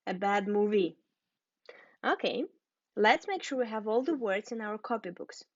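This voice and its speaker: A woman teaching an English lesson, spelling out and repeating words slowly and carefully for learners. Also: mid-range voice, animated, dry recording, highs cut off.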